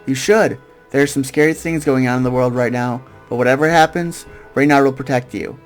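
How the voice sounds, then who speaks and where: Gentle middle-aged father, read by a man in his own voice, mid-pitched and reassuring. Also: fairly quick, faint music behind, close to an everyday voice.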